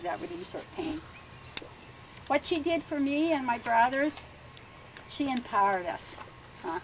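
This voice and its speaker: Older lady telling family stories at a garden dedication, kinda high voice, lots of "huh?". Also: lively intonation, a little slow, slight background noise, low-quality recording. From Bellevue, Pennsylvania. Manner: chatty, laughing, adds "huh?" often. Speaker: family speaker at a land dedication. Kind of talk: ceremony speech, storytelling. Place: outdoors at a garden ceremony.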